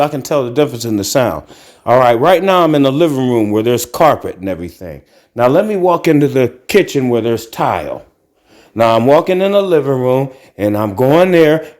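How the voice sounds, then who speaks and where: Pacing through his apartment, from carpeted living room to tiled kitchen, a middle-aged man from Akron, Ohio, hosts a podcast as a casual vlog-style monologue, ranting bluntly and profanely. His voice leans high and carries a darkish tone.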